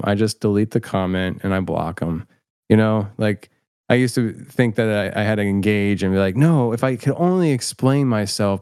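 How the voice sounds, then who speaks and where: A middle-aged man chats casually as an interview guest, rambling and poking fun at himself with many restarts, in a podcast setting involving a host and a guest filmmaker. His voice is on the low side, slightly mellow and smooth, captured in clean studio sound with no room echo.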